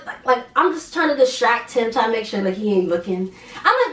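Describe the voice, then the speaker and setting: Young female vlogger, high pitch, animated slangy storytelling, roomy and slightly distant sound. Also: fast. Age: young adult. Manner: animated, slangy, laughs while telling. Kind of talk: casual storytime.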